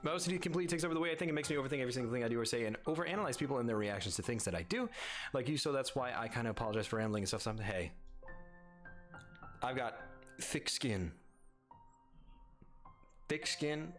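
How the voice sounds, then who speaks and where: Animated young man chatting on a livestream. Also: mid-range voice, fast talker, long pauses, soft background music. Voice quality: animated, swears freely, laughs often, reads chat aloud. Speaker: streamer. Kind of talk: casual livestream chat.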